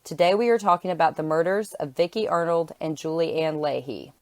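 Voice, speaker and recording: A woman's voice: low voice, brisk, a little mellow, dry recording. A woman co-hosting a true crime podcast, chatting casually and then reading case background steadily. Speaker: podcast co-host and storyteller.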